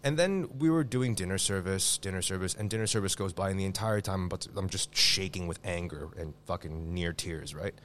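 A man, a guest chef, telling a profane, animated story in casual podcast chat. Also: low-pitched, fairly quick, few pauses, a little hiss or hum. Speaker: guest chef and restaurant owner.

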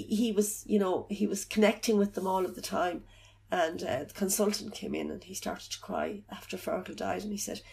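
A middle-aged woman telling of her loss in an interview. She talks haltingly and softly, often searching for words. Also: medium pitch, vocal fry. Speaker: bereaved mother telling her story. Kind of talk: personal account in an interview.

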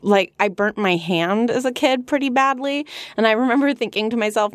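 Lively woman co-hosting a book podcast. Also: a little high, moderate pace, no room sound. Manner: animated, laughs often. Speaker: podcast co-host. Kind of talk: casual book discussion.

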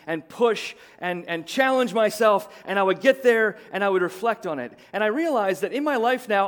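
A middle-aged pastor with a high-pitched voice preaches conversationally, often repeating words and building into excited bursts.

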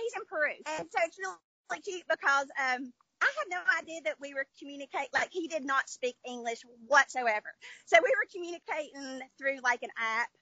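A woman's voice: sits high, sharp tone, dry recording, rough recording. A woman with a Southern American twang, a children's book author chatting upbeat in an interview, with many fillers. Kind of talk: casual interview chat.

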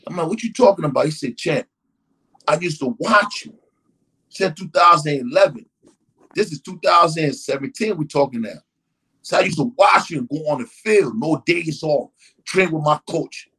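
A man's voice: a little high, normal speed, long pauses, slightly rough, low-quality recording. A man telling a long story in casual conversation, acting out the people in it and often asking "you know what I mean". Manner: animated, acts out quotes, frequent "you know what I mean". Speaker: guest.

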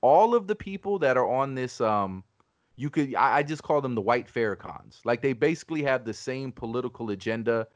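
A man's voice: mid-range voice, a little fast, no echo. Dry-sounding argumentative podcast man. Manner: animated, argumentative, swears, many restarts. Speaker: podcast host. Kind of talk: casual podcast discussion.

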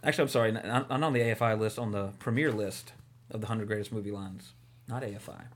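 A man's voice: lowish voice, fast. A man co-hosting a casual movie podcast, talking enthusiastically and rambling with lots of fillers. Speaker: podcast co-host.

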